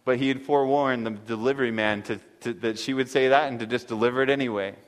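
A man's voice: medium pitch, steady tone, fast. A male preacher earnestly retelling a story, reading parts of it aloud, with long hall reverb. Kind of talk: sermon storytelling.

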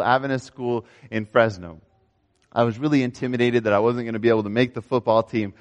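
A young man preaching a sermon, telling a story with animated swings between raised emphasis and quiet asides. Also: mid-range voice. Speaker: pastor.

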